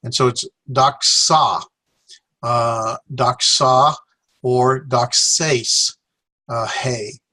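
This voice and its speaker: Slow, hesitant male Greek teacher. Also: medium pitch, fairly bright tone, slightly rough. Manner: slow, with many fillers and self-corrections. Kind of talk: classroom lecture.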